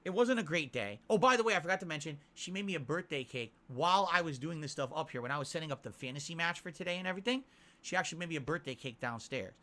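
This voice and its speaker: A man's voice: on the high side, lively intonation, quick pace, bright, forceful tone. A man earnestly telling a rambling personal story on a stream. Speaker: streamer in a played clip. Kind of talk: casual storytelling.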